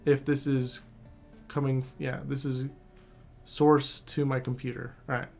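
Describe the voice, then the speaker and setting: A man's voice: medium pitch, level tone, a little slow, gravelly, a little mellow, soft background music. A man casually explaining networking basics in a screen-share tutorial, often checking in with the viewer. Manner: casual, loose, talks to viewer directly with frequent "all right?". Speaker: cybersecurity instructor.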